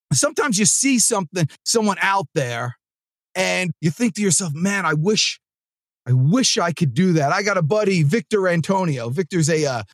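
A man hosting a sales podcast, talking in an energetic, rambling, chatty way with asides to his producer. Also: fairly high pitch, dry recording, studio quality. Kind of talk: casual motivational monologue. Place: studio.

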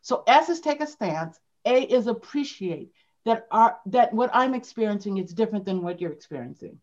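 A woman's voice: fairly high pitch, expressive, normal speed, darkish tone. Emphatic woman guest, dull lo-fi audio. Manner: emphatic, repeats key phrases. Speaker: podcast guest, sales leader. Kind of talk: conversational interview storytelling. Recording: dull lo-fi sound.

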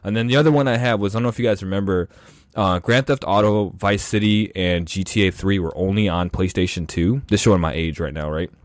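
A man with a lowish voice hosts a relaxed podcast chat. He tells stories and acts out the people in them. The sound is dry and close. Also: quick pace, no echo. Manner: animated, acts out quoted voices. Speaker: podcast host. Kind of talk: casual podcast storytelling.

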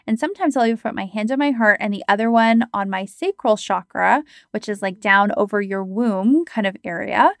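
A woman in her thirties, a coach, talking in a chatty, animated podcast monologue full of fillers. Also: mid-range voice, dry recording, studio quality.

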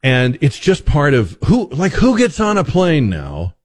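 A male radio host delivers commentary with a dry, joking edge, often stopping and restarting mid-thought. His pitch rises and falls widely as he talks. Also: measured pace. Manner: wry, joking, animated with many restarts. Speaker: radio talk show host.

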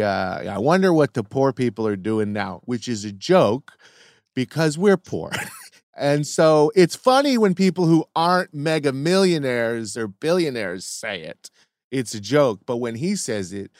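A podcast co-host in casual chat who talks bluntly and swears freely in a relaxed, musing way. The voice sits at a middle pitch. The sound is dry and close. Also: a little slow, no room sound.

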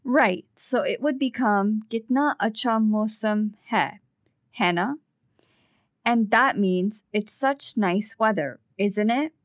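A woman co-teaching a language lesson, explaining phrases in a measured, patient way. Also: mid-range voice, dry recording, studio quality.

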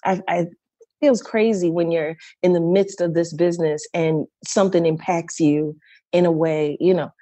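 A middle-aged woman speaks as an interview guest, her voice mellow and a little low. She tells her story with feeling, often circling back, repeating and restarting her phrases. The sound is dry and close. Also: steady tone, moderate pace, no echo. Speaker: guest performer.

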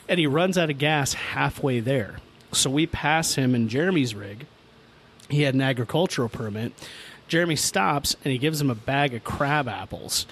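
A middle-aged man hosting a podcast, telling a childhood story in a profane, animated way and laughing as he goes. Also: on the high side. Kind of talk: casual storytelling among friends.

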